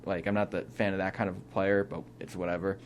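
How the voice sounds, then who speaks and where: A man's voice: low voice, little pitch movement, a little fast, a little hiss or hum. A young man co-hosting a casual sports talk show from a small studio, thinking aloud with opinionated restarts. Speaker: co-host.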